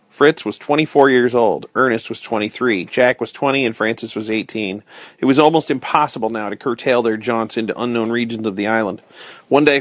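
A man's voice: mid-range voice, a bit bright, dry recording. A man hosting a bedtime story reading, narrating a chapter book steadily with small slips. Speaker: storyteller host.

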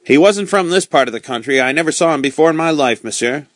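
A man's voice: a little high, expressive, quick pace, no room sound, voice pushed up, close to an everyday voice. A man plays a grizzled old peasant road mender in a storybook reading, deferential and eager to please. His voice is raised a little above the narration. It is recorded dry and close.

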